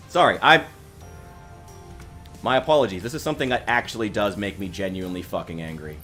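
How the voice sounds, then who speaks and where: A man's voice: on the low side, brisk, long pauses, a bit bright, faint music behind. A man giving rambling casual commentary on a stream, angry and swearing, often stopping to restart his sentences. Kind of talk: casual commentary reacting to news.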